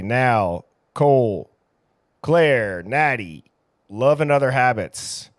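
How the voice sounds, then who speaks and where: A man's voice: mid-range voice, dry recording, clean studio sound. A man hosting a casual livestream, chatting easily and reading viewer names aloud. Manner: reads chat names aloud, easygoing and chatty. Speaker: livestream host.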